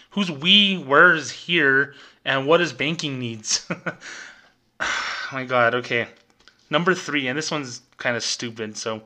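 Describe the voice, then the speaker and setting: Sarcastic ranting man with a bright edge. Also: medium pitch, normal speed. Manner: sarcastic, exasperated, mocking corporate phrasing. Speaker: podcast host, former bank employee. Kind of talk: ranting commentary.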